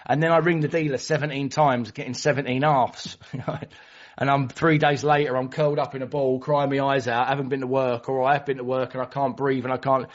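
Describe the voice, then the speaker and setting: A man's voice: mid-range voice, flat delivery, a little fast. A man speaks at a recovery meeting in a mid-range voice, plainly and candidly, stumbling and restarting as he goes. His story swings between self-mockery and raw honesty. The sound is a little dull, like audio from an online call. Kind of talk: personal recovery share.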